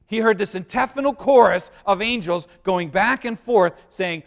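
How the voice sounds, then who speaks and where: A pastor preaching a sermon to a congregation, swinging between loud emphasis and quiet, hushed lines and putting questions to the listeners. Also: male voice, on the high side, normal speed, hardly any pauses.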